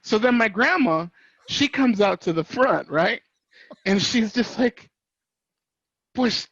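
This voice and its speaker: A man's voice: high voice, expressive, slow pace, pauses often, a bit bright, no room sound. A man hosting a podcast, telling a childhood story in casual chat, cursing and laughing, slipping in Spanish phrases. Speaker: podcast host. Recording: dry, dull lo-fi audio.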